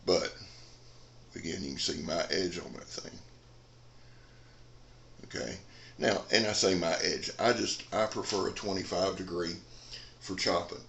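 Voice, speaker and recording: A man's voice: deep voice, a little slow, creaky, pauses often, fairly bright tone, echoey room, a little hiss or hum. A man, rambling in a folksy casual chat as a knife reviewer in a dim room. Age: 40s.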